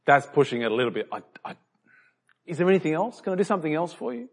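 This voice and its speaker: A man's voice: a little high, very animated, fast talker, creaky, husky, exaggerated voice. A man voicing a weary, apologetic male genie who hesitates and backs out of requests. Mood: reluctant. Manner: hesitant, tradesman-like reluctance.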